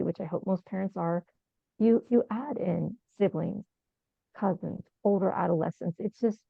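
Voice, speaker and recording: A woman's voice: medium pitch, creaky, no room sound. A middle-aged woman speaking earnestly and with animation on a panel, repeating her points. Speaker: panelist, survivor advocate. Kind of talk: casual panel discussion. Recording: tinny, phone-like video call sound, dry.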